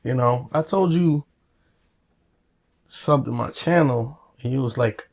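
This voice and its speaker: A man's voice: mid-range voice, slow pace, creaky, darkish tone. A man talking straight to the camera in a rambling, profane, casual rant, full of repeated fillers. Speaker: channel owner.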